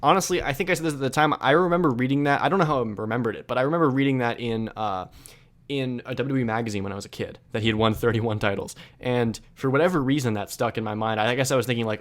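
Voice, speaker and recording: A man's voice: mid-range voice, fast talker. A man co-hosting a podcast in casual chat, chatty and laughing often at himself. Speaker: podcast co-host.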